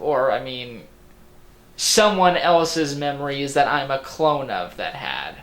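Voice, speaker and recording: A man's voice: medium pitch, lively intonation, unhurried, fairly bright tone. A man giving a casual movie review. He slips into a Boston accent, rambles, jokes sarcastically and swears freely. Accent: slipping into a Boston accent. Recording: roomy room echo.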